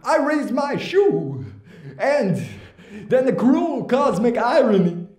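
A man's voice: very high-pitched, big pitch swings, slow pace, a little mellow, roomy sound, heavily acted. A man doing an odd-rhythm dramatic poetry voice. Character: theatrical man doing a famous actor's voice. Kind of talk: comic poetry reading.

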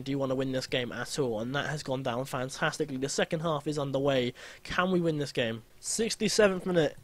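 A young man giving lively, blunt gameplay commentary, grumbling and swearing at his team. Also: a little high.

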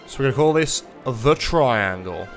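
A man's voice: medium pitch, animated, moderate pace, soft background music. A man casually commentating his own city-building livestream, swearing often, mocking himself and talking to his chat. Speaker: streamer playing a city-building game.

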